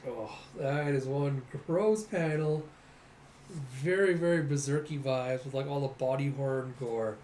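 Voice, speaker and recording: A man's voice: mid-range voice, unhurried, a little mellow. A man hosting a casual comic readthrough who narrates the action animatedly and voices the sound effects. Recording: echoey room, faint noise.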